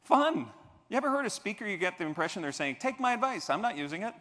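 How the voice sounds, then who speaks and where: A man giving a motivational keynote speech on a convention stage, telling a story and acting out the scenes with bursts of shouting. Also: high-pitched, animated, very fast. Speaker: keynote speaker. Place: large convention hall stage. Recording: reverberant convention hall.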